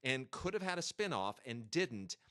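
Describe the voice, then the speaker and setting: A man on a podcast, spinning an anecdote in an emphatic, chatty way. His voice has a bright, forward edge. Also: mid-range voice, sing-song, normal speed. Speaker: podcast co-host. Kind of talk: casual chat and anecdotes.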